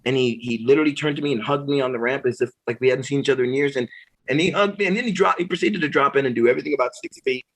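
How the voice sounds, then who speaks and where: A middle-aged man, a guest on an interview show, telling stories in a relaxed way, laughing often and acting out what others said. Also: mid-range voice, very fast, rough recording. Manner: animated, laughing storyteller who acts out quoted voices. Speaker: guest, pro skateboarder and musician. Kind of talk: casual interview storytelling.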